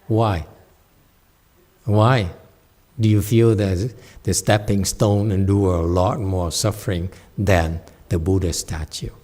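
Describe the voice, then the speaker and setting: A man leads a question-and-answer session as a meditation teacher. His voice is mellow and dark in tone, and he talks in a playful, teasing way, acting out little voices as he goes. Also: low voice, steady tone, slow pace. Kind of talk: teaching talk with Q&A.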